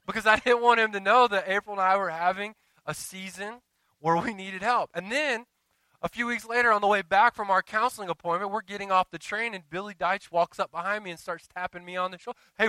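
Middle-aged male pastor preaching; smooth, dry, close voice, telling stories and talking straight to the congregation. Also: high voice, a little fast, sharp tone, no echo, low-quality recording. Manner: storytelling with asides to the congregation. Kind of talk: sermon.

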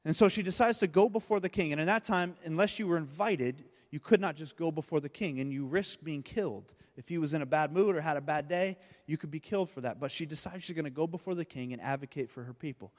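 A man's voice: fairly high pitch, fast talker, few pauses, big-room sound. A man preaching a sermon, retelling a story and often repeating his words as he goes. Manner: storytelling with frequent word repeats. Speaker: pastor.

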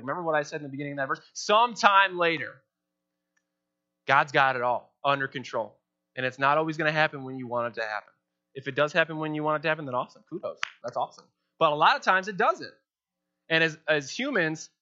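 A young man preaching a sermon as pastor, animated, acting out quoted prayers in playful voices. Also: mid-range voice. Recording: dull lo-fi sound.

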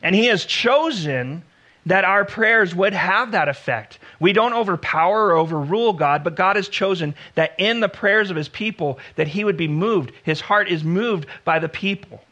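A man preaching a sermon in an earnest style, slowing down to stress key words. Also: sits high, lively intonation, bright, forceful tone, dull audio. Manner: earnest preaching, slows for emphasis, acts out biblical dialogue. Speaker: pastor.

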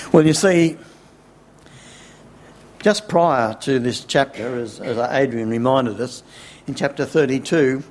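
A man preaching a sermon, unhurried, asking rhetorical questions and chuckling wryly. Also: mid-range voice, a little hiss or hum.

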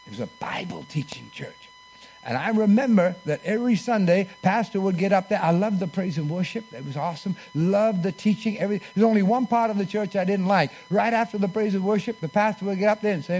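A man's voice: high-pitched, a little mellow. A man preaching a sermon in church, telling a personal story and leading the congregation in call-and-response.

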